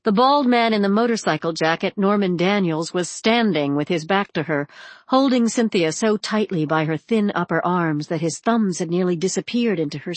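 A woman reads an audiobook in a steady, expressive way. Her voice sits fairly low. The sound is close and dry. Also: no room sound. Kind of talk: audiobook narration.

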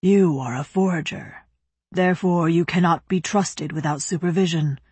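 A woman voicing a stern, proud male official in an audiobook, speaking slowly in formal, lecturing phrases. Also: lowish voice, a little mellow, breathy edge, no room sound. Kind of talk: audiobook character voice.

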